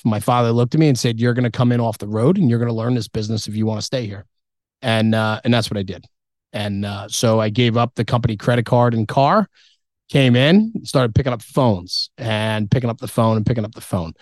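A middle-aged man speaking as a podcast guest in a candid, blunt, plain-spoken way, with mild swearing and frequent fillers. His voice sits at an ordinary pitch for a man. The sound is dry and close, with little room echo. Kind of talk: casual interview storytelling.

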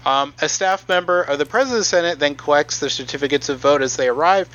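On a podcast, a man presents research by explaining a process from notes, his voice fairly high, quick and a bit bright, with the highs cut off. He sounds hesitant but matter-of-fact and says um frequently.

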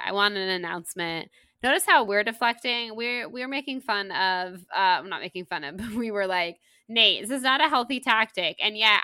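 A woman co-hosting a casual book-club podcast, chatty and animated with quick asides. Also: medium pitch, no echo, clean studio sound. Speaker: podcast co-host.

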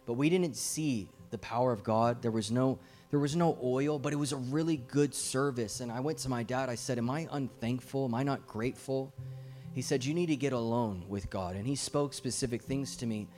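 A man's voice: mid-range voice, normal speed, darkish tone. A middle-aged man preaching a fervent, urgent sermon as a guest preacher, his volume swelling and dropping as he presses his points.

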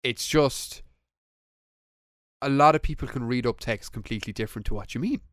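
A young man chatting casually as a podcast host, animated and swearing, acting out text messages. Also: medium pitch, normal speed, no room sound, studio quality. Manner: animated, swearing, acts out texts. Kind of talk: casual chat.

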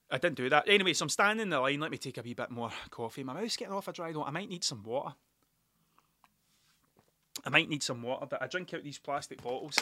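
A man's voice: a little high, bright, forceful tone, no room sound. A man with a Glaswegian Scottish accent, rambling through a sweary, wry story in a casual podcast monologue. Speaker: podcast host.

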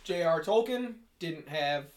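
A man's voice: fairly high pitch, animated, unhurried, roomy sound, a loud crowd. A man co-hosting a casual podcast chat, speaking in a dry, wry way. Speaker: podcast co-host.

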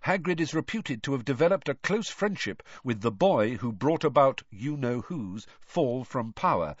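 A man narrating a storybook in a measured, expressive way. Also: medium pitch, dry recording, muffled recording. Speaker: audiobook narrator.

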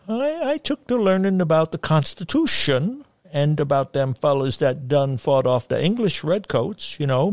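A man's voice: on the high side, a little mellow, no echo, voice pushed up, natural voice. A man voicing a chubby, folksy old backwoods man who talks in a sing-song drawl and stammers as he goes, in a dry, close recording.

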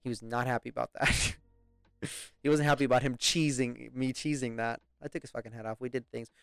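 A man's voice: medium pitch, steady tone, brisk, vocal fry, fairly bright tone, smooth, no room sound. Young British man, casual storyteller, swears a lot and laughs along, dry close mic. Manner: rambling, profane, laughs often. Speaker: podcast host.

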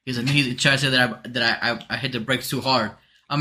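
A man casually telling a rambling story among friends, animated and profane, slipping into Spanish now and then. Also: mid-range voice, quick pace. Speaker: podcast co-host telling a story.

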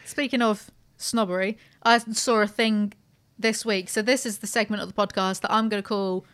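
A woman's voice: medium pitch, steady tone, normal speed, fairly bright tone, smooth. A woman hosting a podcast in casual, sweary chat, laughing often. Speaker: podcast host.

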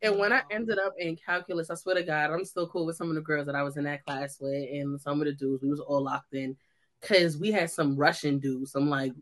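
A young woman from the United States, co-hosting a casual chat and telling lively stories, acting out the voices of people she quotes. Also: sits low, brisk. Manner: animated storyteller, acts out quoted dialogue. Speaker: co-host.

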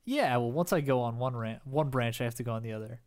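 A man's voice: medium pitch, quick pace. A young man co-hosting a casual chat, rambling and hesitant as he improvises a hypothetical scenario. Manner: rambling, hesitant, restarts often while improvising. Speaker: podcast co-host.

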